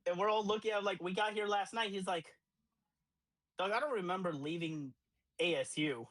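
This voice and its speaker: A young man in his twenties, co-hosting a podcast and telling a profane, animated party story with acted-out quotes. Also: high voice, brisk, dry recording, rough recording. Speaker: podcast co-host. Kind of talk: casual storytelling.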